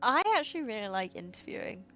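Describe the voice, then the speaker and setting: A woman's voice: medium pitch, expressive, quick pace, pushed and bright, soft background music. A woman from North Wales, an esports caster, chatting casually on a live stream in a giggly, easygoing way.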